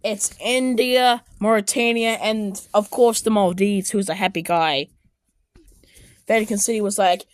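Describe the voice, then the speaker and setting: A woman giving casual, excitable reaction commentary on animated clips, often exclaiming and shouting. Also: medium pitch, measured pace, no room sound. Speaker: video commentator.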